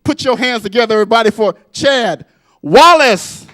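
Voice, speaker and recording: A man's voice: very high voice, expressive, normal speed, fairly bright tone. A man hosting a comedy show, telling a joke then introducing the first comedian on a club stage.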